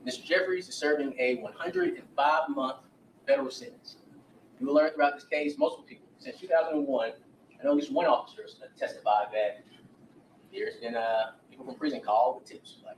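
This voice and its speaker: Fast, animated male attorney addressing a jury. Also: mid-range voice, a little hiss or hum. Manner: emphatic, addresses jurors directly, retells witness accounts. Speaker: defense attorney. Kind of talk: courtroom opening statement to a jury. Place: courtroom. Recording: roomy courtroom audio from a distance.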